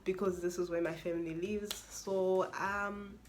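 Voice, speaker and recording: A young woman, a university student, telling an expressive, exasperated story-time vlog with lots of repetition. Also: on the low side, measured pace. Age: young adult.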